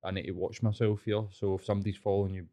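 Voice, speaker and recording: A man's voice: lowish voice, flat delivery, rapid-fire, mellow. A man, a guest on a podcast, explaining ideas thoughtfully in casual chat.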